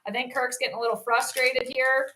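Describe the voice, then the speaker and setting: A woman's voice: high voice, little pitch movement, a little fast, pushed and bright, a little hiss or hum. A woman giving casual live play-by-play commentary on a stream, chatty and reacting to each play while talking with her chat.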